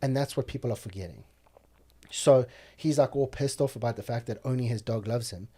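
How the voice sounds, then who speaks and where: A man's voice: mid-range voice, brisk, mellow, husky. A man talking as a podcast guest, telling blunt, profane stories in casual conversation. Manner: blunt, profane, heated storytelling.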